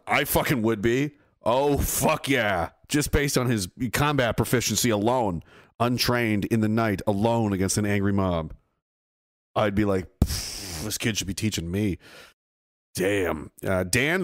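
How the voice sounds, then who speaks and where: A man hosting a livestream, reading chat messages aloud in casual, profane commentary that swings between loud bursts and low mumbles. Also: no echo, studio quality.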